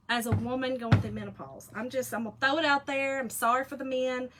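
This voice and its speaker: A woman's voice: on the high side, steady tone, a little fast, hardly any pauses, fairly bright tone. A woman, hosting a casual craft live stream, chatty and folksy, teasing her viewers. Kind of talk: casual crafting demo chat.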